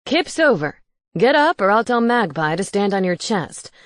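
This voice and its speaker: A woman's voice: mid-range voice, big pitch swings, normal speed, no echo, studio quality, natural voice. A woman voicing a bossy, snooping male ghost housemate who teases and gets indignant. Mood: teasing, loud. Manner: teasing, indignant.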